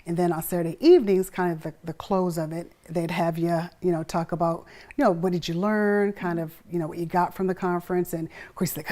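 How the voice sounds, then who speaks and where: A middle-aged woman with a fairly low voice tells a story in a relaxed interview. She acts out what people said, jumping up and down in pitch and laughing between lines. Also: fairly quick, hardly any pauses. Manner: animated, acts out quotes with pitch swings and laughter. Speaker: guest.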